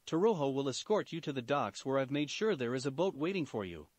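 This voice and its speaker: A man's voice: medium pitch, very animated, brisk, no echo. Man voicing a firm, earnest young woman.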